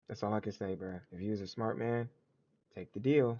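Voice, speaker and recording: Gravelly man ranting on a livestream. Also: lowish voice, fairly even intonation, moderate pace, mellow, highs cut off. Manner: slangy, blunt, repetitive. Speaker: livestream host. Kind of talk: casual livestream commentary.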